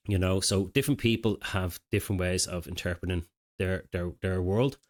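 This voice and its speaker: Low-voiced man coaching casually. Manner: casual, conversational, with filler phrases and restarts. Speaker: mindset coach. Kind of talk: direct-to-camera self-help talk.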